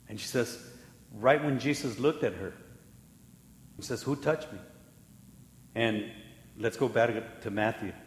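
A man's voice: on the low side, slight background noise. Male pastor preaching in an echoey hall. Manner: animated storytelling, acting out voices, laughing at himself. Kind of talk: sermon. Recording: echoey hall with long reverb.

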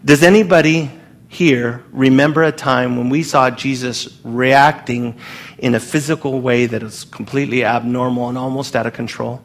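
A man preaching a sermon to his congregation in an earnest, emphatic way, pausing and restarting as he speaks. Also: medium pitch, fairly even intonation. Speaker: pastor.

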